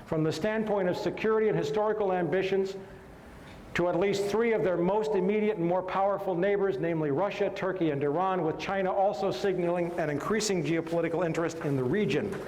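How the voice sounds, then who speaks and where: A high-voiced man reads passages from a book at a steady clip, pausing now and then for a sarcastic jab. The recording sounds roomy, with a long reverb trailing his words. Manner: measured reading broken by mocking asides. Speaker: podcast co-host. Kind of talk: reading a book aloud with sarcastic asides. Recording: echoey room with long reverb.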